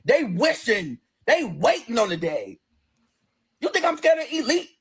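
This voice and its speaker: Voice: mid-range voice, big pitch swings, unhurried, slightly rough. A person ranting on a livestream in a combative, profane, sassy way, straight into a phone.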